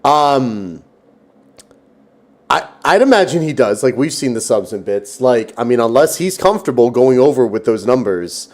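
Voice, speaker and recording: Playful young man, bouncy lively voice. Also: medium pitch, moderate pace. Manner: playful, teasing, excitable. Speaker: streamer host. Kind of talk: casual chat.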